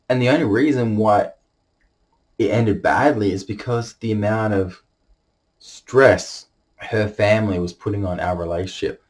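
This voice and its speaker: A young man telling a personal story to the camera, halting and emotional, holding back tears. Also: on the low side. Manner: halting, emotional, many restarts.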